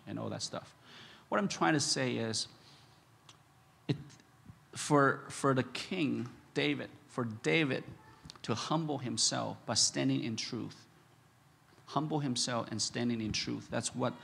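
A man pastor preaching a sermon, repeating his phrases and rising loud and high when impassioned. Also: creaky, slight background noise. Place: church sanctuary. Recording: echoey church hall.

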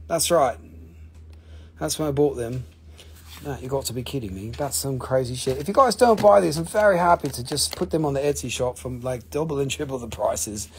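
A man's voice: on the high side, slightly rough. A man hosting a casual live stream, selling rocks with profane, rambling jokes. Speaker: live stream rock seller.

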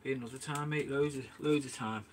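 Brisk and mid-range with fairly even intonation, the shack owner streams live amid slight background noise. Inside his small bait and tackle shop he keeps working, chatting easily with the live chat and calling viewers mate.

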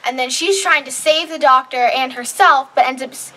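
Female host, excited casual chat, gushing, lots of "like", high voice, bright tone. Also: moderate pace, poor audio. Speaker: show host reviewing an episode.

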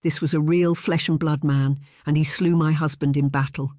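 A woman's voice: sits low, fairly even intonation, moderate pace, a little mellow, dry recording, clean studio sound, natural voice. A narrator voicing a dignified noble lady who speaks formally, trying to keep her composure. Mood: earnest. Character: noble English lady, composed yet shaken.

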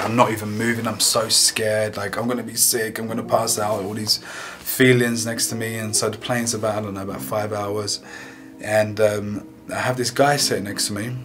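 A man sharing a personal faith testimony in an earnest, emotional, halting way. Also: on the low side. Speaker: guest sharing a healing testimony. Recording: music playing underneath.

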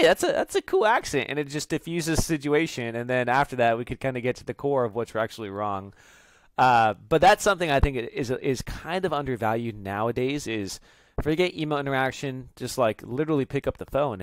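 A man who is a business founder, talking as a podcast guest in a chatty, animated way. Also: medium pitch, no echo. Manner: chatty, animated, with fillers and restarts. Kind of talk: casual podcast conversation.

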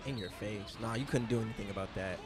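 A young man streaming live reactions to basketball highlights, blurting out groans and exclamations in casual, slangy, profane banter. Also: fast talker.

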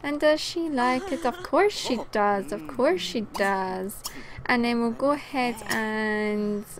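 A woman's voice: on the high side, takes it slowly, crowd noise. A woman hosting a casual let's play, chatting and giggling as she talks to the game characters, sounding tired. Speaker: gaming channel host.

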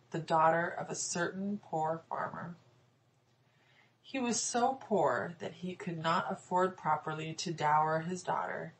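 A woman reads a fairy tale aloud as an audiobook narrator, in a measured, storytelling way. Her voice sits somewhat low. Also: a little hiss or hum, rough recording. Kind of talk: scripted narration.

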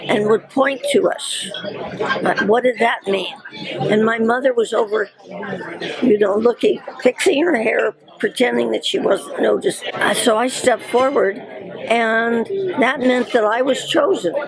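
A woman in her nineties recalling her early career in a lively storytelling way, often laughing as she talks. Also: a little high, measured pace, vocal fry, a crowd in the background. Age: 90s. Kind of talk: storytelling reminiscence.

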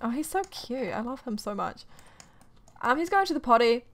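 A young woman rants her way through a casual let's-play commentary, her voice sitting a little high. She sounds exasperated and grumbling, with frequent quick laughs between complaints. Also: lively intonation, a bit bright. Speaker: gaming YouTuber.

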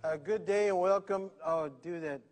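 An actor playing a dim-witted, know-it-all brother in an improvised sketch, with a nasal drawl ending lines with "eh". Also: male voice, high-pitched, normal speed, a little mellow, close to an everyday voice. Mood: goofy. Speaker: sketch comedy co-host. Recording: echoey room with long reverb.

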